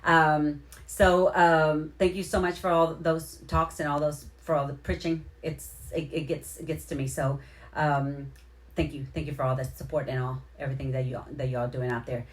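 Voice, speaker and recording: Low-voiced woman hosting a chatty livestream. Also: level tone, normal speed. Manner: effusive, rambling, repeats her thanks; heartfelt, near tears at moments. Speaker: livestream host. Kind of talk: casual live-stream shout-outs to viewers.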